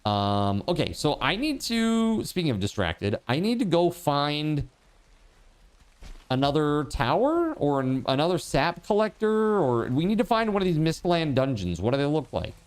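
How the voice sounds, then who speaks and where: A male game streamer talking casually to his live chat, rambling and filling gaps with lots of filler words. His pitch rises and falls a great deal, so he sounds lively and animated. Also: moderate pace, smooth. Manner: rambling, chatty, many fillers; talks to chat viewers. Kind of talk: casual livestream chat while gaming.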